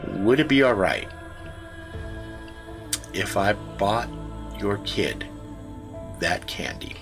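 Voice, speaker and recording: Foul-mouthed man, lively rambling story. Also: fairly low pitch, extremely slow, music in the background. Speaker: live stream host. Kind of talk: casual chat.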